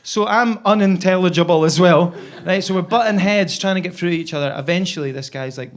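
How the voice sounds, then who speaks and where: A Scottish comedian spins a long stand-up story in a slightly raised voice. He talks in a loose, chatty way and keeps checking in with a quick "right?". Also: high voice.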